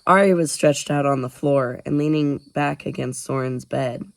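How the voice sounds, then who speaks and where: A man reading a novel aloud as an audiobook narrator, in an even storytelling way. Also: medium pitch, moderate pace, creaky, slight background noise. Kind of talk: scripted narration.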